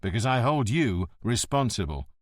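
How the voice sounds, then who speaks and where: A man's voice: medium pitch, sing-song, normal speed, no echo, clean studio sound. A man reading an audiobook, voicing a cunning, hot-tempered police inspector who talks in a biting, theatrical way. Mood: contemptuous.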